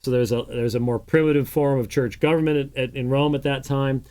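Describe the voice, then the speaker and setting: A man's voice: mid-range voice, steady tone, fairly quick, warm tone. A man hosting a call-in program, taking phone calls and explaining points at length with many "uh" fillers. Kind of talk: call-in radio talk and teaching.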